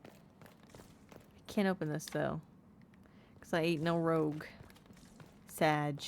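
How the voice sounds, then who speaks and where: Chatty woman gamer with a lowish voice. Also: fairly even intonation, slow pace, creaky, slight background noise. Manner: chatty, sounds out unfamiliar words. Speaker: game streamer. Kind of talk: casual let's-play commentary, reading game text aloud.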